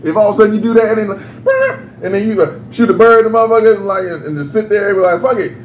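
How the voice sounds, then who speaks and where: Brief: male podcast host on a heated rant, higher pitch, echoey room sound. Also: racing. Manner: animated, ranting, profane, laughing. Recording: roomy echo, faint background noise.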